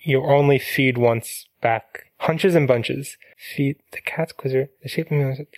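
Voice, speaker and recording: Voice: mid-range voice, no room sound. Rambling podcast host, dry close sound. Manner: rambling, quick tangents with frequent "like". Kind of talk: casual chat.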